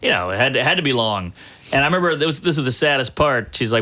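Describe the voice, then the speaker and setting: A man's voice: medium pitch, animated, quick pace, sharp tone. A man, a guest comedian, telling long self-deprecating stories in a casual, profane podcast chat.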